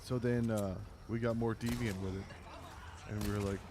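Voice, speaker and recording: A man's voice: lowish voice, steady tone, normal speed. A man co-hosting a gameplay podcast, casually telling a rambling, profane story and joking about the game. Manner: loose storytelling, profane, laughing. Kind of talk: casual chat over gameplay.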